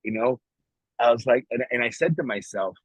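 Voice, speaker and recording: A man's voice: medium pitch, expressive, moderate pace, husky, no echo, low-quality recording. A man co-hosting a podcast, talking in a rambling, emphatic way and swearing casually as he chats. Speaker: podcast co-host. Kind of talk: casual morning chat.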